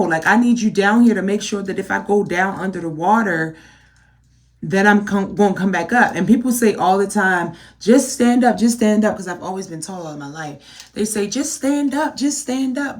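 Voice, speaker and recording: A woman chatting casually to camera, animated and exasperated, firing rhetorical questions at her viewers. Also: mid-range voice. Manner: addresses viewers as y'all. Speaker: beauty vlogger.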